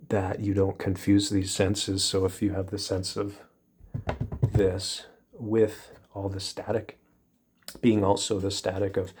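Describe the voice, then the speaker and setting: A man rambling in a meandering, repetitive way for an ASMR video, often dropping into soft whispers. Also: low-pitched, husky. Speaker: ASMR creator.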